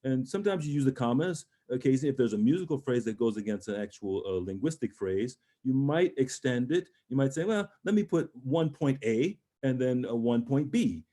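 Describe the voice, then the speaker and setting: A man's voice: medium pitch, animated, brisk, few pauses, dark tone. A middle-aged man teaching an online voice master class over a video call, encouraging and talking through phrasing with short sung examples.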